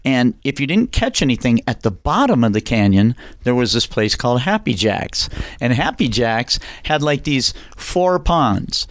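A man from Southern California hosting a casual group chat, joking and telling animated stories. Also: mid-range voice, moderate pace, few pauses, no echo.

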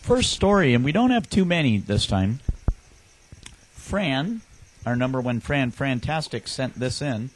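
A man's voice: mid-range voice, sing-song, a little slow, a little hiss or hum, low-quality recording. A man from California hosting a podcast in casual chat, telling stories with lots of restarts. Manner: rambling storyteller with frequent restarts. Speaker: podcast host.

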